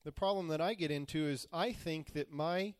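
A man's voice: a little high, moderate pace, clean tone, no echo. A man preaching a sermon, retelling scripture in plain, modern words and acting out the quoted voices. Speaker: pastor.

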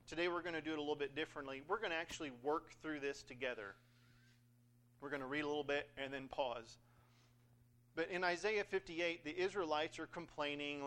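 A man's voice: a little high, steady tone, a little fast, fairly bright tone. A man preaching a sermon in a conversational, joking way, acting out scripture passages. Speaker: pastor.

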